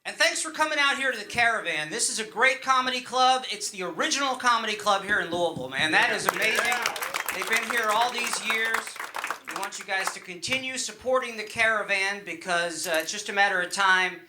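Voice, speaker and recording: A middle-aged Long Island comic, from New York, works through a loose, rambling stand-up set at a club, full of fillers and restarts. He speaks briskly in a high-pitched voice. There's noise in the background.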